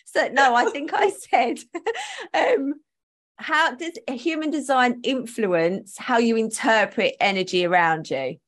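A woman's voice: a little high, sing-song, takes it slowly, a bit bright. Chatty woman hosting a podcast; casual, laughing, loose sentences. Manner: chatty, laughs often, trails off mid-sentence. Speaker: podcast host.

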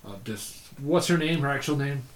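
A man casually telling stories on a podcast, animated and laughing often, acting out other people's lines. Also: mid-range voice, normal speed, echoey room. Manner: animated, acts out quoted voices, laughs often. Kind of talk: casual storytelling chat.

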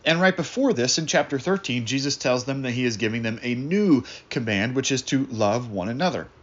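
A man preaching a sermon in an earnest, reflective way, slowing down to stress key words. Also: medium pitch, animated, highs cut off. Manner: earnest, reflective, slows down for emphasis. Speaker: pastor.

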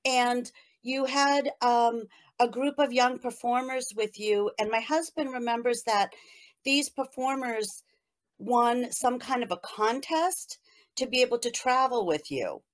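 A woman's voice: on the high side, measured pace. A woman co-hosting an interview, telling a fond memory in a rambling, emotional way. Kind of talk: casual interview chat.

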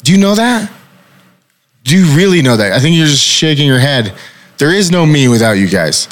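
A man's voice: on the high side, big pitch swings, normal speed. A man hosting a casual podcast conversation as a company founder, talking intensely, swearing often and firing repeated rhetorical questions.

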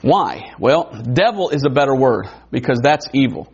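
A man preaching a sermon in a conversational way, wondering aloud and adding quick asides. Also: mid-range voice, very animated, husky. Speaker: pastor. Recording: dull lo-fi recording.

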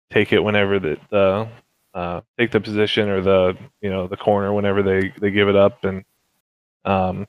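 A man's voice: deep voice, clear, resonant tone, no echo, muffled recording. A man, a racing driver, talking casually through a race with many fillers and restarts. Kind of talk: casual interview chat.

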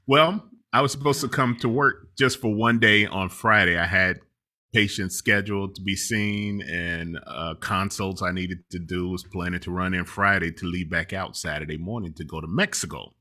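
A middle-aged man casually telling a long travel story, animated and laughing often as he talks. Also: deep voice, normal speed.

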